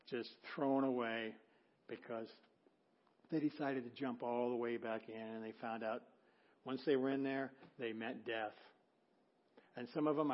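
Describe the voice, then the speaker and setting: A middle-aged male pastor preaching a sermon, telling a story with acted-out quotes and swinging from loud to hushed. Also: mid-range voice, highs cut off. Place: church sanctuary.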